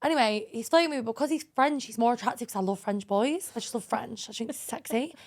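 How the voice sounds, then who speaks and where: A woman co-hosting a podcast, telling dating stories in a lively, swearing, laughing way. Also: a little high, quick pace. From England. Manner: animated, swearing, laughing storyteller. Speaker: podcast co-host. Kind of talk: casual chat.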